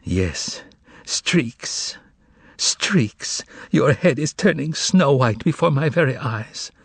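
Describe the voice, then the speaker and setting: A man's voice: medium pitch, creaky, husky, dry recording, full character voice. A man voicing a grieving, devoted woman who pleads tenderly through tears, in an audiobook reading.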